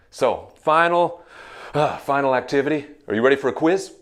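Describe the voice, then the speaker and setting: A man's voice: mid-range voice, fairly bright tone. A man teaching English pronunciation like a drill sergeant, barking commands and drilling words one at a time. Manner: barked commands, slow drilled word lists.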